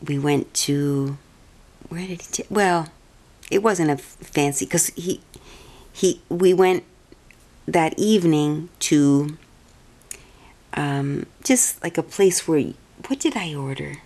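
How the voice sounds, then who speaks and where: Low-voiced chatty woman. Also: slow, pauses often, dark tone. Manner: meandering, chatty, many restarts. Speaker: vlogger. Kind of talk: casual personal storytelling.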